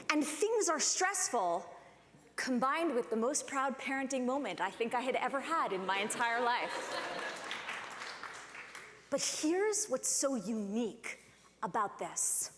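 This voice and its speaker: Animated woman telling a story in an echoey hall. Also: high-pitched. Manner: animated storyteller, acts out quoted voices. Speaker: conference speaker. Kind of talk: storytelling keynote talk. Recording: echoey hall with long reverb.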